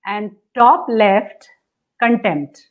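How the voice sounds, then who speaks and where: A woman's voice: mid-range voice, animated, extremely slow, phone-quality sound. A woman coaching on relationships, dictating step by step over a video call and acting out the attitudes she describes. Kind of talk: instructive conversation.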